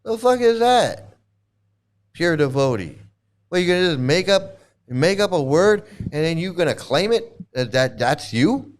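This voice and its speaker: A man's voice: on the high side, animated, moderate pace. A middle-aged man hosting a livestream, ranting in a mocking, profane way, laughing often and repeating himself. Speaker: livestream host.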